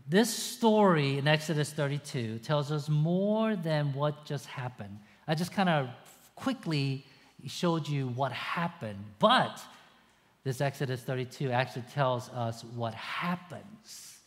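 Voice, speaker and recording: Male preacher, sermon, animated storytelling, rhetorical questions, long hall reverb. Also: fairly high pitch, unhurried.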